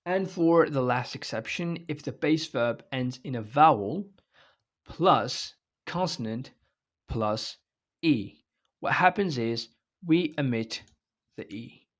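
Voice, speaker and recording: A man's voice: mid-range voice, expressive, slow. A man giving an online English grammar lecture, explaining step by step and checking in often with "okay?" and "right?". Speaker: English teacher.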